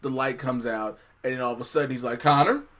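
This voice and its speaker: A man co-hosting a casual TV review, telling the plot lively and imitating the characters' lines. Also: medium pitch, quick pace. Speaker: co-host reviewing a TV episode. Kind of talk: casual chat.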